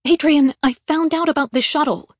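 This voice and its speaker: A woman reading an audiobook, voicing a blunt, sarcastic young heroine who snaps back fast. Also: sits high, expressive, a little mellow, dry recording, clean studio sound. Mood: snappy. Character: brash, impatient young woman on a space station.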